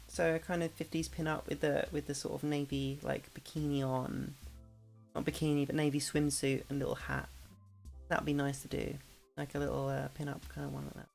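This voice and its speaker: A woman's voice: low voice, creaky, a little mellow. A woman streaming and chatting casually with viewers, rambling with lots of fillers and restarts. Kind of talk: casual chat with chat readers. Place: home streaming setup.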